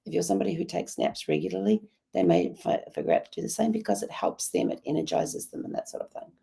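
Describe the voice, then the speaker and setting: A woman with a badly hoarse, croaky voice, gravelly and breathy, warm and dark in tone, her pitch swinging widely as she talks. She hosts a casual journaling vlog, rambling along with plenty of ums and the odd cough. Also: wildly swooping pitch, fast. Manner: rambling, chatty, many ums. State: coughing now and then. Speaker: host.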